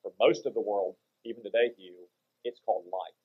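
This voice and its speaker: A man serving as a senator talks in a deliberate, lecturing manner, his voice sitting low. The audio comes across dull and lo-fi, with its top end rolled off. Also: husky. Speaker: U.S. senator, guest. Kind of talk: political interview.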